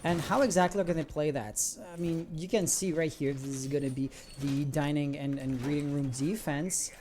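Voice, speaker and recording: A man giving live esports commentary, breaking down tactics and rising to excited calls on big plays. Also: fairly high pitch, normal speed, a little hiss or hum. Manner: analytical, builds to excited shouts on big plays. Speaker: esports caster.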